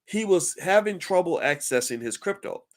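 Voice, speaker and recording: A middle-aged man giving casual commentary straight to camera, animated and often repeating words as he works through a thought. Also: high voice, normal speed. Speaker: finance commentator.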